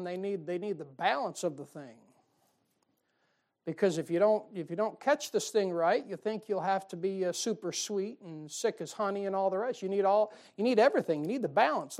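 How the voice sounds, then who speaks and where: A man's voice: high voice, darkish tone. A man preaching a sermon in a folksy, conversational way, often asking the congregation questions.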